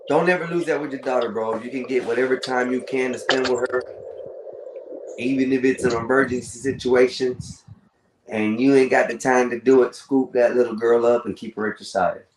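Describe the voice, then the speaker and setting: There's background noise as a man with a medium-pitched voice chats casually on a streaming call. He rambles through a long personal story, filling gaps with "da, da, da" and addressing the listener as "bro."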